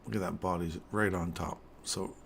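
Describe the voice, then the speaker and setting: A man's voice: deep voice, steady tone, moderate pace, gravelly, slight background noise. A man hosting a live trading stream, explaining chart setups in a casual, joking way with a groggy morning voice and frequent "right?" check-ins.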